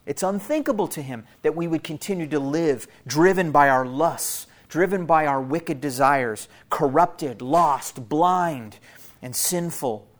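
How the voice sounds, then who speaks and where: A man preaching a sermon to his church in an earnest, teaching manner, repeating key phrases for emphasis and speaking to listeners as family. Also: medium pitch. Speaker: pastor.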